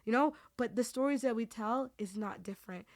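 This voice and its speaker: A woman's voice: on the high side, fairly quick, darkish tone. A woman hosting a podcast, talking with her team in a heartfelt, rambling way, restarting her sentences often. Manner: Muslim phrases woven into speech. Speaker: podcast host. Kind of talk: emotional team chat.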